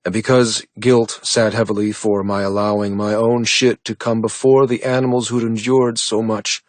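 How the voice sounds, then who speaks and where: A man narrating a romance audiobook in the first person, with a measured, brooding delivery. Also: lowish voice, dry recording.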